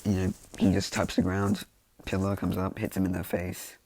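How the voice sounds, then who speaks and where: A man's voice: deep voice, completely flat delivery, moderate pace, a little mellow. A man casually telling a fan story, rambling and full of fillers.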